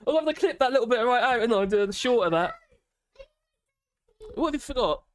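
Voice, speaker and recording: A woman's voice: a little high, lively intonation, brisk. A middle-aged woman, hosting a live stream in casual, giggly, exclamatory chat.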